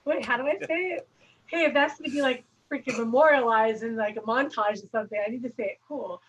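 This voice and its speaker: A woman's voice: fairly high pitch, fast talker, breathy edge, poor audio. A woman guesting on a casual podcast, bubbly and giggly, often tripping over her words. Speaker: podcast guest, cannabis grower.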